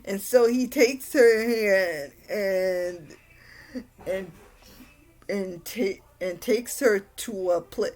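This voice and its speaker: A woman's voice: medium pitch, takes it slowly, hardly any pauses, darkish tone. A young woman recaps an anime in a casual, rambling way. She restarts sentences often and sounds mildly exasperated at the plot. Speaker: anime reviewer.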